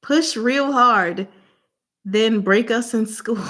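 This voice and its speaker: A woman hosting a casual livestream word game. She gives clues in short, deliberate fragments and laughs often. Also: fairly high pitch, a bit bright. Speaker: channel host running a livestream game.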